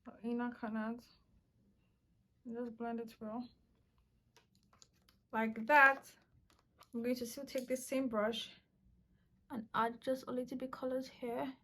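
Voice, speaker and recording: A young woman chatting through a makeup tutorial in a playful way, often breaking into excited exclamations. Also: fairly high pitch, slow pace, pauses often. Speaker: beauty vlogger.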